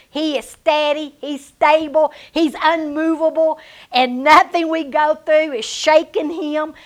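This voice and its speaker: Woman preaching, high bright voice, goes big then drops real soft, tells stories from her life. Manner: emphatic, swings between loud declarations and hushed asides; personal storytelling. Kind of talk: sermon.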